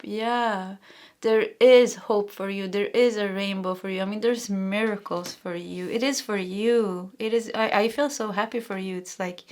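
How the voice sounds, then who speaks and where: A young woman with a Swedish accent reads tarot for her viewers in a soft, heartfelt voice. She is earnest and encouraging, and her talk stops and restarts as if each thought arrives mid-sentence. Her voice sits at an everyday middle pitch. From Sweden. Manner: soft, emotional, halting with many restarts; earnest and encouraging, addressing the listener directly. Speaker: tarot reader. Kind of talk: intuitive pick-a-card tarot reading.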